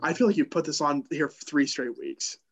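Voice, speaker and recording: Man, slightly high voice, quick teasing sports chat. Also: husky, poor audio. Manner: quick, teasing, restarts lines. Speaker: sports podcast co-host. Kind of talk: casual sports banter.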